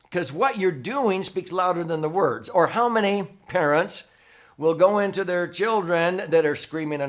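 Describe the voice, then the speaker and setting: A man's voice: sits high, expressive, normal speed. Man teaching in a conversational monologue. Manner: conversational, checks in with frequent "okay?". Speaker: host, financial educator.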